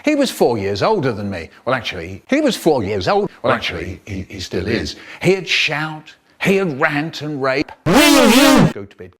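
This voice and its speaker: A man telling a comic story about his childhood in a lively, vivid way. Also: mid-range voice, moderate pace, few pauses, husky. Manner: lively, vivid storyteller who acts out the scenes. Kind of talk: comic childhood storytelling, chopped by remix edits.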